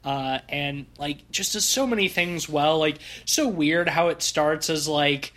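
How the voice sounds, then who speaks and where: Give me a man with a slightly high voice, rambling casually as a podcast co-host. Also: a little slow, a bit bright. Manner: rambling, many fillers and restarts. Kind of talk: casual film chat.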